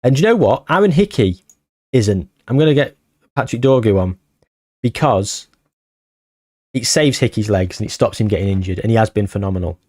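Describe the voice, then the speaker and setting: A man commentating his football management game as he plays, anxious and short of breath, bursting into excited shouts at near misses. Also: on the low side, normal speed, pauses often, no echo, clean studio sound. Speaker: gaming YouTuber.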